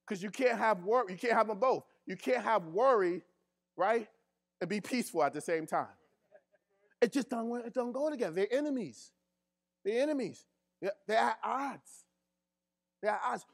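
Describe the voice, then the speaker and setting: This pastor's voice is high and gravelly, animated at a normal speed, and he pauses often. His sermon is casual and colloquial, driven by repeated key phrases that prompt the congregation to respond.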